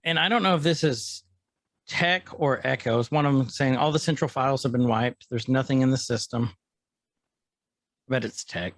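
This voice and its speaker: A man's voice: mid-range voice, moderate pace, fairly bright tone, no echo. A man co-hosting a podcast, casually retelling episode scenes and quoting the characters. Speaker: podcast co-host.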